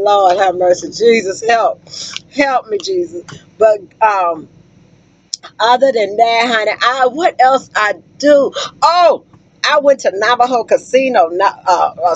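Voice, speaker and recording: A woman truck driver tells road stories in a lively, laughing way, calling out exclamations as she goes. The sound is dull and lo-fi, and the dry recording has almost no room echo. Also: fairly high pitch, measured pace. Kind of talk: casual vlog storytelling.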